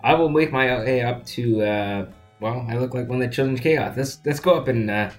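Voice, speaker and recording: A man's voice: mid-range voice, a little fast, faint music behind. A man playing a tabletop game, chatting casually and rambling.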